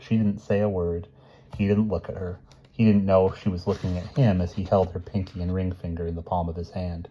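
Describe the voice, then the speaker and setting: A man calmly reading a novel chapter aloud. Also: sits low, muffled recording, slight background noise. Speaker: reader.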